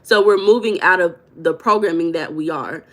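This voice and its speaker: A woman's voice: lowish voice, normal speed, fairly bright tone. A woman with a Southern US accent hosting a casual livestream, talking directly to viewers and reading their comments aloud. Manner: chatty, direct, talks to viewers as "y'all". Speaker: livestream host reading chat.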